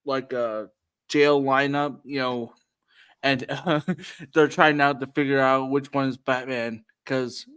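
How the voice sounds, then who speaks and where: A man's voice: medium pitch, level tone, slow, fairly bright tone, smooth. A man hosting a casual stream chat, rambling with lots of ums and some cussing. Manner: rambling with many ums and profanity. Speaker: streamer host.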